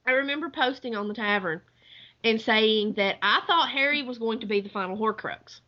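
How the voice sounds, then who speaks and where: A woman chatting on a podcast in a playful, emphatic way. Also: a little high. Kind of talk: casual chat. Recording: lo-fi podcast audio.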